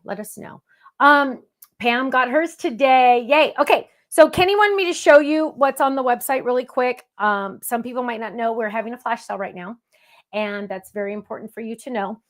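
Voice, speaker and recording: A woman's voice: a little high, moderate pace. A middle-aged woman hosting a craft show, chatting casually in a bubbly, gushing way. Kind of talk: casual livestream chat.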